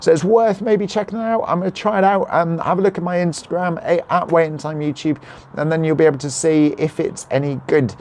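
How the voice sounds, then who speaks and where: A young man chatting casually on a live stream, reading out viewer comments and answering questions in a slightly croaky voice. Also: fairly high pitch, fairly even intonation, brisk, a little mellow, a little hiss or hum. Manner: chatty, reads out comments, jokes and apologises. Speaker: vlogger answering live chat. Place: at home, neighbours nearby.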